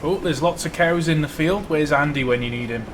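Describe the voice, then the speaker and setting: A man's voice: fairly high pitch, fairly quick, a little hiss or hum. A man casually chatting and joking while live streaming a train simulator. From Wales. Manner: joking, swearing, laid-back banter.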